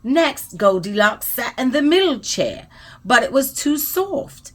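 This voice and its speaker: Slow, expressive woman storyteller. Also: high-pitched. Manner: expressive, soothing, trailing into soft whispers at the close. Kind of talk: bedtime story read-aloud.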